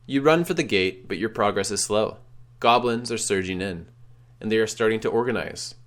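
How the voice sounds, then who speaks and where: A game streamer with a lowish voice reads a text adventure game aloud at normal speed, with drama. He shouts out his choices as he goes.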